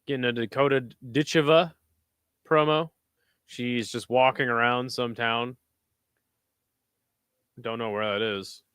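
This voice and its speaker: A man's voice: mid-range voice, steady tone, unhurried, pauses often, fairly bright tone, smooth, no echo. A young American man hosting a casual fight watch-along stream, answering chat with dry sarcasm. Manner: sarcastic, talks back to chat messages. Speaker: livestream host reading chat.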